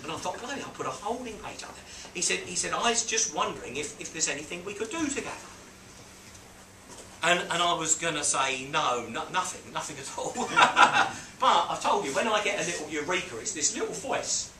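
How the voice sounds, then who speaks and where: A man mentoring a small group, telling a business story in a lively way and acting out quotes and beeping sounds. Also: fairly high pitch, brisk. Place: on a boat. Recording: roomy, distant mic with background noise.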